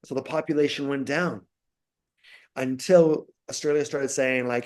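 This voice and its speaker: A man who lectures at a university, a podcast guest telling stories with lively, acted-out asides. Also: medium pitch, moderate pace. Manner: animated storyteller, acts out quotes. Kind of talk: casual interview.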